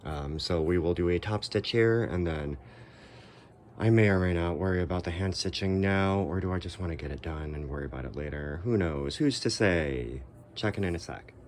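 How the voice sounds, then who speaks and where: A man's voice: sits low, moderate pace, darkish tone, a little hiss or hum. A man vlogging as he sews and puts on historical Korean clothing, chatting casually with self-deprecating humor. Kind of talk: casual chat to camera.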